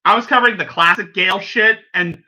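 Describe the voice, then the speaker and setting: A man's voice: sits high, fairly quick, bright, forceful tone. A man hosting a reaction video, rambling in casual commentary and often breaking off mid-sentence with exclamations.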